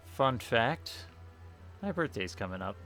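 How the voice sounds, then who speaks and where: A man's voice: mid-range voice, very animated, slow, gravelly, a bit bright. A man casually commenting on a game as he plays, rambling and correcting himself while reading the game's questions aloud. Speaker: streamer playing a game. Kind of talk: casual let's-play commentary. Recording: faint game music behind.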